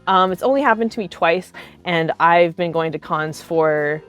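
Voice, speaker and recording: A woman's voice: lowish voice, normal speed, soft background music. A woman in her thirties telling cosplay stories in a casual, chatty way, filling her sentences with "like". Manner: chatty, animated, heavy use of filler "like". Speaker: cosplay vlogger. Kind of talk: casual storytime.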